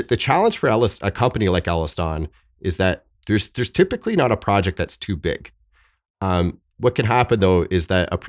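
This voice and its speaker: A man speaking as a podcast guest, thoughtful and halting with frequent restarts and fillers. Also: low voice, dry recording, clean studio sound. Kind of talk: podcast interview.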